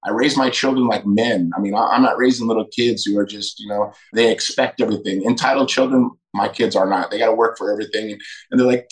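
A man's voice: fairly low pitch, steady tone, fast talker, rough recording. A middle-aged man, a podcast guest, telling candid personal stories emphatically and acting out quoted dialogue. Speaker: podcast guest, retired fighter.

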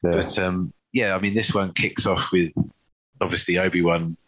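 A man's voice: low-pitched, fairly even intonation, moderate pace, fairly bright tone, breathy edge, rough recording. A man co-hosting a podcast in casual chat, talking enthusiastically and often restarting his sentences. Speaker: podcast co-host.

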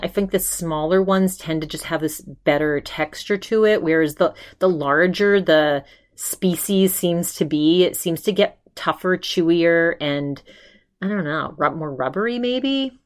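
Rambly lady podcast host from maine, kinda low voice, lots of um and like. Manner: chatty, rambling, full of fillers and "he's like" retellings. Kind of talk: casual chat recapping an episode.

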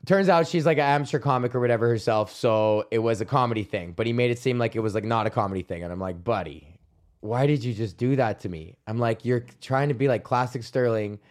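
A young man from Canada hosting a podcast, telling a rambling, profane story with frequent laughs. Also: medium pitch. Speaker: podcast host. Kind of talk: casual monologue.

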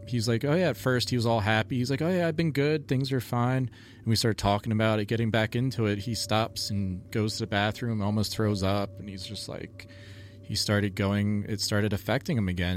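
A man's voice: fairly low pitch, a little hiss or hum. A man, a paranormal TV investigator, telling stories in a rambling casual chat full of "like" and "you know".

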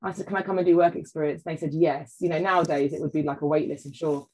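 A woman talks in a relaxed, chatty way as a guest on a podcast. Her voice sits on the low side, and she tells her stories with lively, animated quoting. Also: fast, husky, poor audio. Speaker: podcast guest, food writer. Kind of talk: casual chat.

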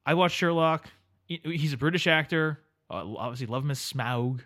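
A man's voice: fairly high pitch, a bit bright. A man co-hosting a podcast, chatting casually in a joking, rambling way full of fillers. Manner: joking, rambling, quick talk with many fillers. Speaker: podcast co-host. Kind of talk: casual chat.

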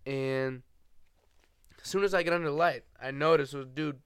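A young man hosting a podcast, chatting casually and telling an animated story, swearing freely and acting out other people's voices. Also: fairly high pitch, moderate pace, smooth, no room sound. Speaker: podcast host. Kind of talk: casual chat.

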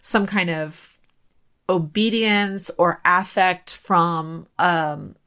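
A woman co-hosting a podcast, discussing a film in a measured, thoughtful way with pauses on "um.". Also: lowish voice, pushed and bright. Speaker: podcast co-host.

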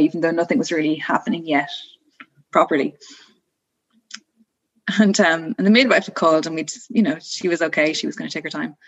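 A woman in her thirties talks through a personal story in a loose, conversational way. Her voice sits a little low for a woman. She fills her phrases with "like" and "you know" and laughs easily between them. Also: breathy edge, poor audio. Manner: relaxed, chatty, frequent "like" and "you know", laughs often. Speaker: guest telling her birth story. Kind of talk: casual storytelling interview.

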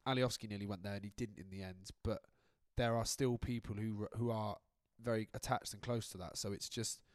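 A man's voice: on the low side, steady tone, brisk, no room sound, studio quality. A young man co-hosting a casual football podcast, rambling and joking with restarts. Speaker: podcast co-host.

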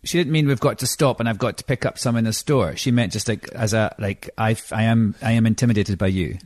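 A man's voice: on the low side, a little fast, darkish tone. Man co-hosting, jumping in to clarify. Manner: interjects to clarify and restate. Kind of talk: casual conversation.

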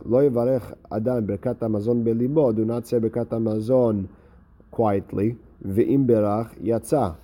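A man gives a Talmud lesson in a deep, very mellow voice. He rattles off the original text quickly, then slows down to explain it in English, stumbling through "uh"s and restarts. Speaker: Talmud teacher. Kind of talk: Talmud lesson, reading and translating.

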